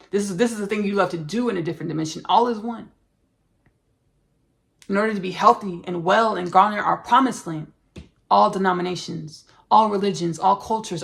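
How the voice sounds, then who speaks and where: Gravelly-voiced woman giving a spiritual talk. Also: mid-range voice. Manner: earnest, repetitive, halting with many fillers. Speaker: podcast host. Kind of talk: spiritual monologue.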